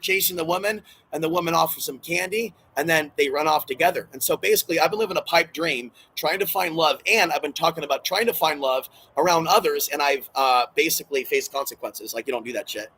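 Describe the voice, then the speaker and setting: Speaking briskly with few pauses, a man with a slightly high, bright, forceful and breathy voice rambles alone to his camera. As the channel host, he's agitated and emotional, swearing and repeating himself, audibly distressed and hurt, on poor audio.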